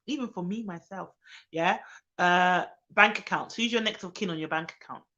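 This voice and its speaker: A young woman, a nanny, chatting casually on her live stream, reading viewers' comments aloud and greeting them with excited bursts. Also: on the low side, normal speed. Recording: dull lo-fi sound.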